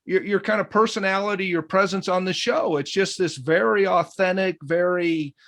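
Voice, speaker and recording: A man's voice: sits high, fairly even intonation, normal speed, fairly bright tone. A man hosting a podcast interview, chatting with enthusiasm and often calling his guest "man". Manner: enthusiastic, frequent affirmations, says "man". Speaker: podcast host. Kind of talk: casual interview chat.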